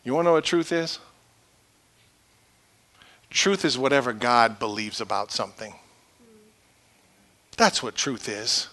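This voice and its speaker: A male pastor preaching a sermon in a church, swinging from loud shouted peaks to quiet low asides. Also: expressive, a little slow, long pauses.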